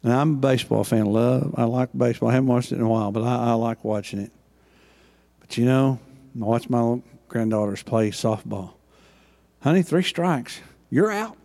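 An older pastor preaches a sermon with passion, swinging between loud and hushed delivery. His voice is medium-pitched with vocal fry, at a moderate pace.

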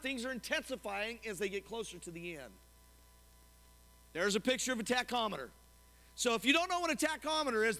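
A man preaching a sermon as pastor to his congregation, animated and often asking them questions. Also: very high voice. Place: church sanctuary. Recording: long hall reverb.

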